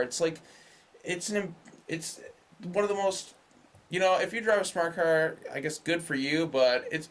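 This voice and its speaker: A man's voice: on the high side, fairly bright tone. Profane, ranting young man reviewing a movie. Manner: loose and profane, with sarcastic rants. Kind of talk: casual spoken film review.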